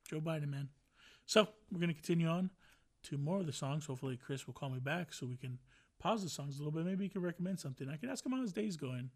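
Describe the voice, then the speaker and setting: Mellow-voiced man riffing casually. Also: on the high side. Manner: rambling, joking, profane riffing. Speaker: podcast host. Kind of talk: casual solo podcast chat.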